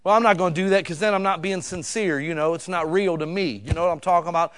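A middle-aged man, preaching a sermon in a folksy storytelling way, swinging from loud emphatic lines to hushed ones. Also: high voice, fairly even intonation, fast talker. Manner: folksy, casual wording.

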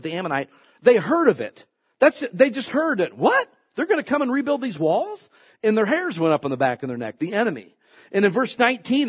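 Husky, lively preacher joking freely. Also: male voice, sits high. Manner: folksy, joking, animated storytelling with acted quotes. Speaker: pastor. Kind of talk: sermon.

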